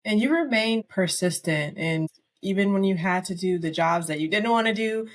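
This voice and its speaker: Woman hosting a podcast, encouraging and thoughtful, medium pitch. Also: normal speed. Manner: encouraging, reflective, faith-based remarks. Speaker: podcast host. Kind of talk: casual interview talk.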